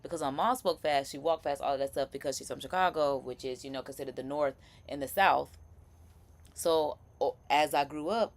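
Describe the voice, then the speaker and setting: A young woman hosting a live chat, talking in a loose, rambling stream full of restarts and quick laughs. Her voice sits a little low for a woman. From Florida. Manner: chatty, rambling, laughing asides. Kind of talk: casual commentary.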